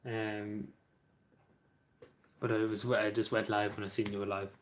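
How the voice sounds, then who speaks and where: A man with an Irish accent chatting casually with viewers on a live stream, halting and rambling with many fillers, often apologizing. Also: fairly low pitch, level tone, a little hiss or hum.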